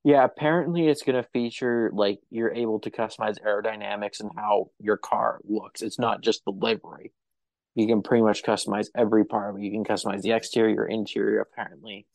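A man's voice: lowish voice, steady tone, a little fast, vocal fry, darkish tone, dry recording. A man hosting a podcast in a casual chat, with a wry, offhand sense of humor. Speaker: podcast host.

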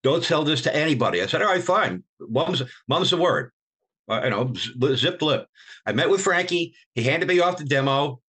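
Rambling older male rock bassist telling stories. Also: normal speed, breathy edge. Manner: rambling, with many restarts, and animated when quoting others. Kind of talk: storytelling in an interview.

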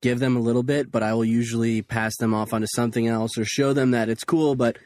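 Man, podcast co-host, measured advice-giver, mid-pitched voice, dry close mic. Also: level tone, darkish tone, no room sound. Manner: measured, gives practical advice. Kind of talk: casual chat.

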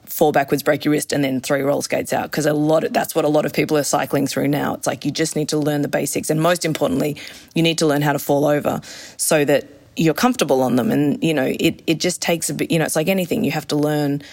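A woman's voice: deep voice, steady tone, fast talker, darkish tone. A woman, an enthusiastic roller skating instructor chatting in an interview and acting out quotes as she talks. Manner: enthusiastic, acts out quotes in shifting voices. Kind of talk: casual interview chat.

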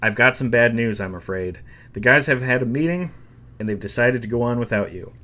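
Weary middle-aged manager with bad news, read plainly by a man, level and calm. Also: medium pitch, fairly quick. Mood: regretful.

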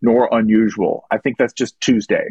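A man with a husky, slightly breathy voice, chatting loosely and wryly on a podcast. He reads listener questions with dry jokes. The sound is close and dry, with no room around it. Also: on the low side, steady tone, normal speed, warm tone, no room sound, muffled recording. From United States. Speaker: podcast host. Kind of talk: casual chat.

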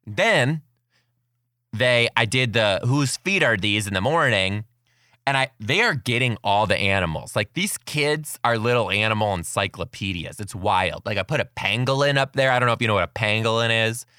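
A man hosting his podcast and telling classroom stories as a kindergarten teacher, chatty and excitable, laughing often. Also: lowish voice, normal speed, smooth, dry recording, clean studio sound. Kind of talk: casual storytelling monologue.

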